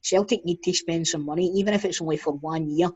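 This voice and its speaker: A man's voice: fairly high pitch, fairly even intonation, fast talker, a little mellow, breathy edge. A Scottish man talks football with earnest, rambling opinions. His voice comes through dull and lo-fi, like a cheap mic. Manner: earnest, laughs at own jokes. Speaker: podcast co-host. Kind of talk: casual football chat. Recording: dull lo-fi sound.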